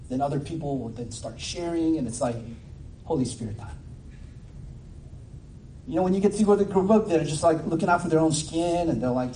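A man preaching a sermon in a warm, mellow, slightly high voice, full of casual fillers that build into fervent cries. He stands some way from the mic in a large hall, and the sound echoes around the room. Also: a little hiss or hum. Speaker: pastor. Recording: roomy echo, distant mic.

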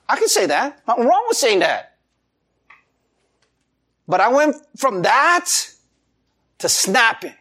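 Male pastor mid-sermon; very lively, swooping pitch, expressive and animated. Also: measured pace, long pauses. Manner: animated preaching with laughs and acted-out quotes.

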